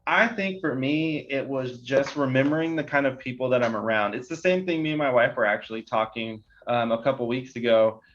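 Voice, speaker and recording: A man's voice: mid-range voice, fairly quick, hardly any pauses, fairly bright tone, faint music behind. A young man, a podcast guest, talking earnestly in casual interview chat, rambling with lots of fillers. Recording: slightly dull lo-fi sound.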